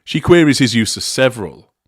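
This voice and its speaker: A man giving a measured, deliberate analytical commentary, explaining a recorded interaction step by step. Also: medium pitch, lively intonation, husky, no echo, clean studio sound. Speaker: commentator on narcissism.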